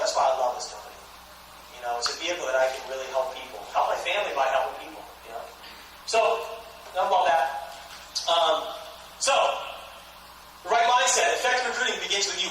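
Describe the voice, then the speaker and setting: Male trainer with a high voice who tells lively stories, recorded from far off in a very echoey room with faint hiss. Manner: animated storytelling, many "you know" fillers. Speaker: network marketing trainer. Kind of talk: motivational training talk. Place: training event room at a campus.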